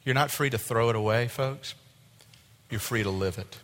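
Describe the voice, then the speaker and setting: A man's voice: mid-range voice, normal speed. Preaching man in a reverberant hall. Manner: animated preaching with acted-out voices and sudden drops to quiet. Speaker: pastor. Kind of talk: sermon. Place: church sanctuary.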